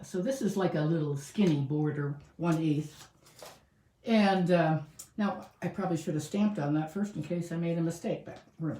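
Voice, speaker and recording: Recorded by a camera mic set above her work table at some distance, this casual crafting tutorial has a roomy sound with slight background noise. The woman's voice is lowish and mellow as she makes cards, chatting and musing aloud with fillers.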